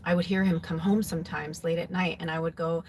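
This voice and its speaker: A woman's voice: fairly low pitch, little pitch movement, fast talker, darkish tone, slight background noise. A woman who reads tarot, telling a personal story in a casual, rambling, emotional way, full of "like" and "you know.". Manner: rambling, filler-heavy, with frequent "like"; emotional, confessional. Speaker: psychic tarot reader.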